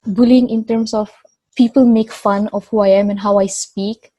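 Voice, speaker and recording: A young woman with a Sabahan Malaysian English accent speaks in a casual interview, pausing and restarting as she searches for words. Her voice is warm and mellow, recorded close and dry. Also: medium pitch, fairly even intonation, no room sound. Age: 20s. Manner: hesitant, many restarts and fillers. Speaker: interview guest, engineer.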